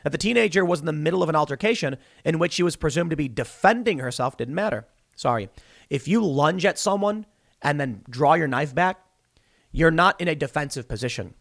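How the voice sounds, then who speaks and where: A man hosting a solo political commentary show, sarcastic and heated, mocking the people he quotes in high voices. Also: animated, brisk, creaky.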